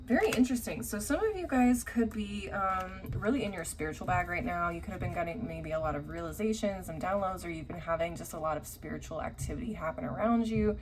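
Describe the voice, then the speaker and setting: A woman's voice: on the low side, a little fast, few pauses. A woman giving a casual tarot reading, blunt and feisty, swearing freely. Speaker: tarot reader. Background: faint construction noise.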